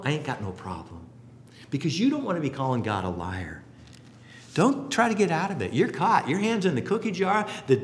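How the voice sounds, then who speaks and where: A man preaching a sermon as pastor, telling stories and acting out the voices in them. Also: high voice. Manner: animated storytelling, acting out voices in quotes. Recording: long hall reverb.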